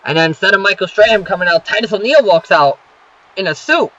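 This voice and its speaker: Rambling young man, bright lo-fi voice. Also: high-pitched, lively intonation, quick pace. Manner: rambling, many fillers and profanity. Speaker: wrestling show recapper. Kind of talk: casual spoken recap. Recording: dull lo-fi home recording.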